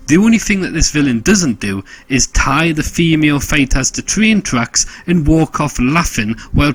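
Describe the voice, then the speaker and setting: A man's voice: medium pitch, husky. A man narrating a scripted, sarcastic game review packed with jokes. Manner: sarcastic, joke-heavy.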